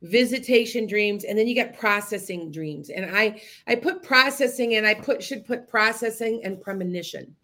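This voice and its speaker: A woman talking casually to her podcast listeners, wandering from point to point. She restarts her sentences often and keeps addressing the audience directly. Her pitch sits in an ordinary middle range. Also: moderate pace, hardly any pauses, pushed and bright. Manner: rambling, with many restarts and asides to listeners. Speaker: podcast host and psychic medium. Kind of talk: casual storytelling monologue.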